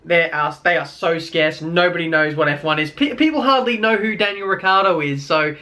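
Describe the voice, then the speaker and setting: A man's voice: a little high, a little fast, bright, forceful tone. A young Australian man with an Australian accent ranting casually in a vlog, rambling with many fillers and wry complaints. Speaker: YouTuber.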